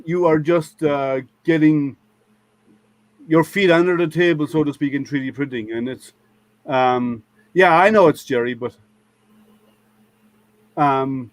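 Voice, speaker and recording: A man hosts a casual online maker hangout stream, chatting and laughing often and trailing off with ums. His voice is fairly high and a little slow with frequent pauses, and there's no room sound.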